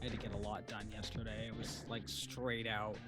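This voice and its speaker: A man's voice: on the low side, little pitch movement, brisk. Rambling man chatting on a stream. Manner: rambling and venting, with frequent restarts. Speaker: streamer running an AI VTuber channel. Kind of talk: casual stream chat. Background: music playing under the talk.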